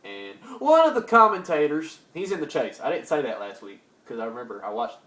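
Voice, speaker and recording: Young male host, rambling and hyper, loud sudden whoops, echoey room, mic a few feet off. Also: on the high side, big pitch swings, fairly quick, distant mic. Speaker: sports talk host. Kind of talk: casual solo sports talk.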